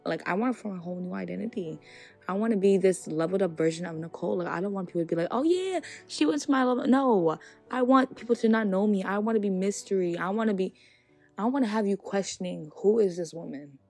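A young woman hosting her own podcast, talking to listeners in an animated, outspoken way and laughing between her points. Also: medium pitch, fast, creaky, soft background music. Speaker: podcast host. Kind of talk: casual solo podcast monologue.

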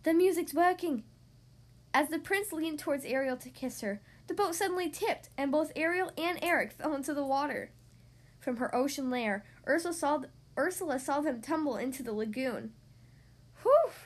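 Woman storybook narrator, high-pitched, steady read-aloud with occasional slips. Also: fairly quick. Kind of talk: storybook reading.

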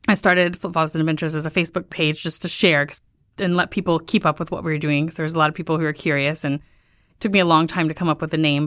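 A woman in her thirties, a guest on an interview show, telling her story in a relaxed, chatty way. Her voice sits a bit low and jumps up whenever she acts out what people asked her. The recording is close and dry. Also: no room sound. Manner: lively, acts out quoted questions with lifts in pitch. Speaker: guest, travel tour founder.

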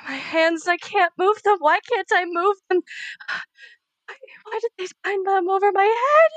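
A woman voicing a terrified kidnapped young woman who pleads in pain, her voice raised high. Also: a little slow, fairly bright tone, dry recording. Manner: pleading, sobbing, raised pitch.

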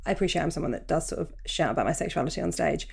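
A woman's voice: low-pitched, animated, very fast, gravelly, a little mellow, breathy edge. A woman comedian hosting a podcast interview, chatty and jokey. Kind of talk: casual interview chat.

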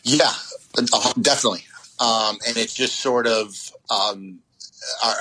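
A man in his forties recalling a hard day in an interview, often pausing and restarting with fillers. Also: fairly low pitch, pushed and bright, low-quality recording. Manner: halting, many fillers and restarts. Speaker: interview guest. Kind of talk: personal recollection interview.

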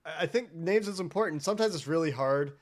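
A man from Cincinnati, a podcast host guesting on a sports show, talking in a measured, thoughtful way. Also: fairly high pitch, animated. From Cincinnati, United States. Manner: measured, thoughtful, frequent restarts. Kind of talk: casual sports talk.

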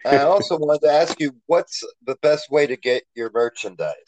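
A man's voice: a little high, normal speed, darkish tone, slight background noise, low-quality recording. A man hosting a podcast interview, asking short, polite questions. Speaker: podcast host.

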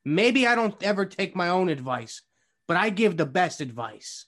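A man's voice: sits high, big pitch swings, normal speed, a bit bright. A man co-hosting a podcast, bragging with over-the-top confidence in casual comedic banter. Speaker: podcast co-host.

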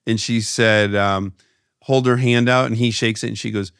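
A middle-aged man with a lowish voice tells a story on his podcast and jumps into the voices of the people in it. He sounds close and dry, with no room around him. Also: normal speed, smooth, no echo. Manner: animated storyteller who acts out quoted voices. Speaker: podcast host. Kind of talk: casual storytelling chat.

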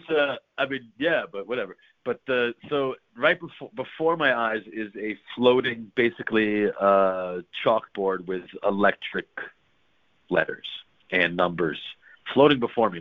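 A man's voice: mid-range voice, moderate pace. A man telling a story in casual chat, swearing freely and acting out the voices in it. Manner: animated, swearing, acts out voices in his stories. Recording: tinny phone-like line.

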